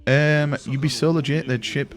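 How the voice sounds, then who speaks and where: A man's voice: on the high side, fairly even intonation, normal speed, faint music behind. A young man chatting casually with his live-stream audience from his room, rambling and swearing freely. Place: home room.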